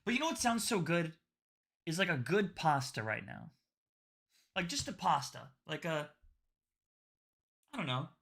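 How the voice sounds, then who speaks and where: A woman's voice: low-pitched, big pitch swings, a little slow, vocal fry, long pauses. A woman hosting a casual livestream, chatting in slang and cooing baby talk at a dog. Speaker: livestream host opening trading cards. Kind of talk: casual live-stream chat.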